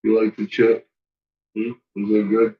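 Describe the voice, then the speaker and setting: A man's voice: fairly low pitch, monotone, unhurried, dull audio. A man at home talking to his pets in a playful, teasing way, baby-talking the dog and swearing casually. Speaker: pet owner.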